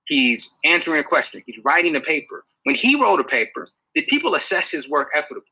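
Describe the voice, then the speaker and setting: A man giving a public talk to an audience, animated and full of rhetorical questions. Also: fairly high pitch, fast talker, husky, rough recording. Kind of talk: public lecture.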